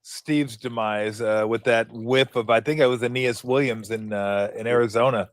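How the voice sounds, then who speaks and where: Sports host, dry close sound. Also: male voice, mid-range voice, fairly even intonation, moderate pace, dry recording. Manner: laughs easily, asks questions. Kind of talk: casual sports chat.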